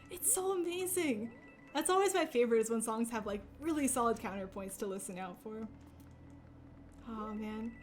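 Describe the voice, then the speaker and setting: Casting: young adult woman, high voice, rambling streamer chat full of laughs. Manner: chatty and rambling, laughs often, many fillers. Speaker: speedrunner streaming a game. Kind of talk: casual chat while playing.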